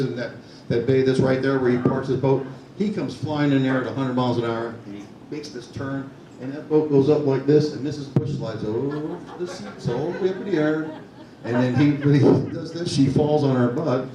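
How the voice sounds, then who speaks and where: An older man who used to be a Secret Service agent tells chatty stories to a meeting, laughing through them as he goes. His voice is medium in pitch, warm, and a little fast, and the sound is lo-fi. It was recorded in an echoey meeting room with a distant mic and plenty of noise.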